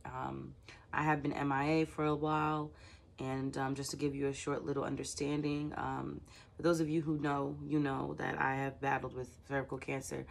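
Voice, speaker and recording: A woman's voice: extremely low pitch, little pitch movement, moderate pace, gravelly. A woman hosting her own tarot channel, speaking frankly and personally in a direct-to-camera vlog, with frequent filler sounds. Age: adult with children. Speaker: tarot reader and channel host.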